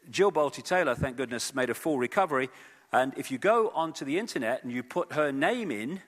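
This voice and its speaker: A man giving an animated lecture to a live audience at an event, with frequent fillers and repeated words. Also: medium pitch, in a large hall. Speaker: speaker at an event. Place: event hall.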